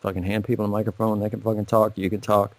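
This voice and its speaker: A man with a low voice co-hosts a podcast from his garage, talking loosely and swearing in nearly every sentence. The sound is dry and close, with no room around it. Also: little pitch movement, quick pace, dry recording. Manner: heavy swearing, rambling. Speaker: podcast co-host. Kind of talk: profane casual chat. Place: home garage.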